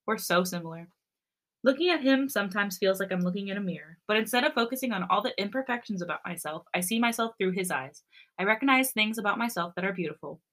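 A woman podcast co-host reading a romance story aloud in an expressive narration. Her voice is bright and clear, with a middle pitch. She breaks off for animated, giggly chat. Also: fast.

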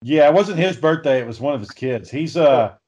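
A man's voice: a little high, animated, a little fast, darkish tone. A man in his thirties chatting casually and telling rambling, profane stories. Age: 30s. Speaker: podcast co-host. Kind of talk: casual chat. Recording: dull lo-fi audio.

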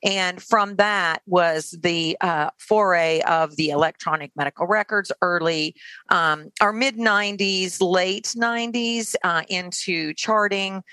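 A woman's voice: fairly low pitch, slow, pushed and bright, dry recording. A woman in her sixties, a longtime nurse, talking casually as an interview guest, self-deprecating and rambling with many restarts.

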